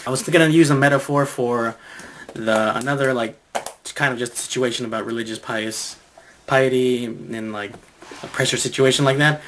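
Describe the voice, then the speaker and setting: A man thinking aloud as he works out a comedy bit, halting and restarting often and chuckling to himself. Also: medium pitch, fairly even intonation, a bit bright, slight background noise. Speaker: comedian developing material. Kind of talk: rambling think-aloud monologue.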